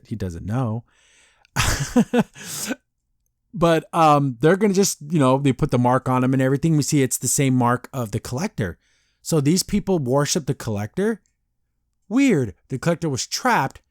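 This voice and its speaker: A man with a fairly high voice talks through an episode recap as a podcast host, loose and rambling, full of fillers and false starts. The sound is close and dry, with no room echo. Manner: rambling, many fillers and restarts. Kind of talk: casual episode review.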